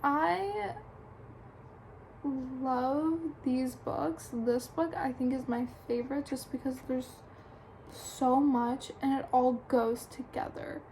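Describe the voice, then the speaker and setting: A woman's voice: high-pitched, steady tone, slow pace, gravelly, a little mellow, slight background noise, poor audio. A young adult woman chattily retelling a book's plot for a review, full of "like" and "um". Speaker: book reviewer. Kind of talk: casual plot recap.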